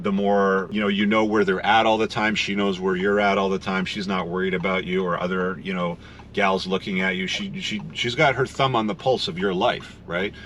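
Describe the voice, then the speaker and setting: A man co-hosting a podcast, explaining his views in a measured way, with many "you know" fillers. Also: lowish voice, fairly bright tone, slight background noise. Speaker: podcast co-host. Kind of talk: casual chat, explaining relationship advice.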